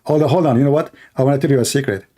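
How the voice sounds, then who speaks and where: A man hosting a call-in livestream, talking casually, mocking and laughing at callers and repeating words in quick bursts. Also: medium pitch, warm tone. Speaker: livestream host taking calls.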